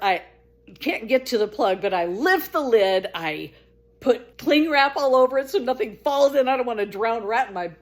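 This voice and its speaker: Here a middle-aged woman shares a personal story casually and with lots of animation, laughing as she talks. She alternates between high, exclamatory quotes and low murmured asides.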